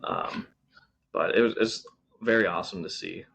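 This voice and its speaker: A man's voice: sits low, big pitch swings, normal speed, creaky, fairly bright tone, breathy edge. A man co-hosting a podcast, casually reviewing wrestling shows with lots of ums and restarts. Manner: rambling, frequent ums and restarts. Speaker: podcast co-host.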